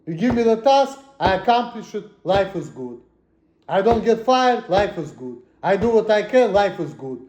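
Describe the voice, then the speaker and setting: A man's voice: high voice, very animated, normal speed, lo-fi sound. Profane ranting man in an echoey room. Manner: profane, agitated, swings between mutters and shouts. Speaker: vlogger. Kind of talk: angry personal rant.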